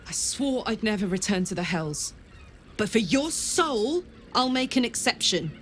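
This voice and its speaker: A woman voicing a defiant, protective devil-born rogue woman in video game dialogue, speaking with sharp determination. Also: mid-range voice, animated, a little slow, slight background noise. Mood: determined.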